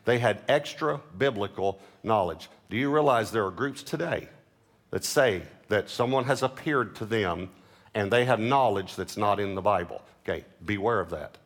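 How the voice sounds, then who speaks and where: Man preaching with emphatic slow-downs. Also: lowish voice, expressive. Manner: emphatic preaching, slowing and rising on key words; reads scripture aloud between explanations. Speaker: pastor. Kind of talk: sermon.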